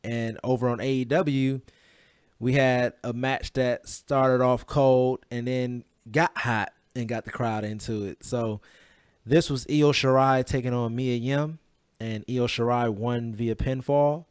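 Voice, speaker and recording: A man in the middle of the usual pitch range hosts a casual podcast chat, joking and laughing between points. His voice is recorded close and dry, with no room sound around it. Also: fairly even intonation, measured pace, clean tone, no echo. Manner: joking, laughs often, leads the rundown. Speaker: podcast host.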